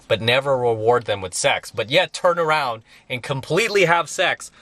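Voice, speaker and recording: A man's voice: mid-range voice, normal speed, a bit bright. A middle-aged man giving a blunt, emphatic monologue as a dating coach, repeating his points for stress. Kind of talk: opinionated monologue to viewers.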